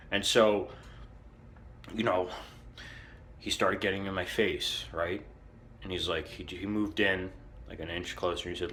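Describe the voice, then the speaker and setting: Bright-voiced, indignant rambling man. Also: low-pitched, animated, moderate pace, long pauses. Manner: indignant, rambling, profane, lots of fillers. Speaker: comedian in character. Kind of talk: rambling comic monologue.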